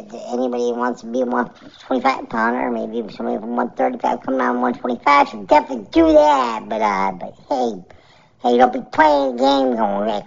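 A woman giving casual, joking MMA fight picks and grades, animated and laughing often, on a dull lo-fi recording. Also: fairly high pitch, creaky.

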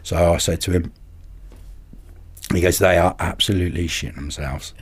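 A man, a podcast guest and carp angler, telling anecdotes in a lively way and acting out the voices of people in them. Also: low-pitched, moderate pace, husky. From England. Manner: animated, acts out other people's voices in anecdotes. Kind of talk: casual storytelling.

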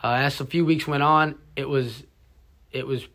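A young man, a college student, tells a personal testimony in a halting, emotional way, with many restarts and fillers. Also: mid-range voice, fairly even intonation, sharp tone. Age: young adult.

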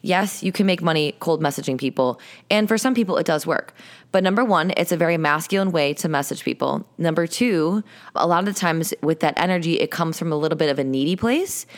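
A woman's voice: low voice, brisk. A young adult woman hosting a solo podcast, chatting casually and coaching with an upbeat, playful tone. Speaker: podcast host and sales coach.

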